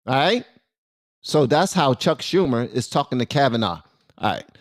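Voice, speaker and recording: A man's voice: medium pitch, no echo, clean studio sound. A man hosting casual political commentary, joking and using slang as he talks straight to his viewers.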